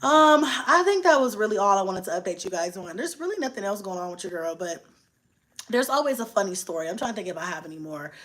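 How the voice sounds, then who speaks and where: A woman's voice: medium pitch, big pitch swings, fast, fairly bright tone. Blunt, laughing woman vlogger. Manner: blunt, profane, laughing often. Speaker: vlogger on a live stream. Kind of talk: casual live-stream chat.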